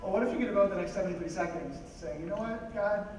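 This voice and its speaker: A high-pitched man preaching a lively, conversational sermon and throwing questions out to the congregation. He is picked up from a distance in a large church hall with heavy echo, long reverb and clear background noise. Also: racing. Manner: conversational, animated, asks the audience questions. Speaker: pastor.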